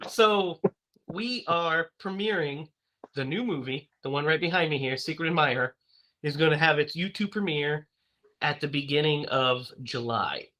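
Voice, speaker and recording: Upbeat male podcast host, bright voice, casual chat, laughs easily. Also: a little high, moderate pace.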